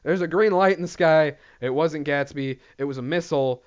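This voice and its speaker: A man's voice: on the high side, moderate pace, clean tone. A young man hosting his own show in a profane, rambling, self-deprecating solo rant. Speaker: podcast host. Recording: dull lo-fi recording.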